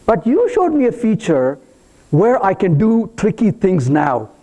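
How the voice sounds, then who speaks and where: Lively, animated man giving a tech talk. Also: high voice, measured pace. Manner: animated, playful, teasing the audience. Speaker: conference speaker. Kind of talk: live technical talk to an audience. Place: conference hall.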